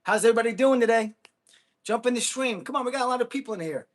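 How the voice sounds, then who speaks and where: A high-voiced livestreamer man talks quickly to his chat between hits, whooping and full of energy while he exerts himself hitting a ball. It's casual chatter during training, and he gets blunt and combative with trolls.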